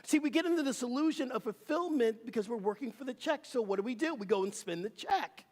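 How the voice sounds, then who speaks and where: In a church sanctuary, a minister preaches an emphatic, rhythmic sermon and leads the congregation in call and response. His middle-pitched voice is animated, fast and slightly mellow, trailed by a long, lingering reverb from the hall.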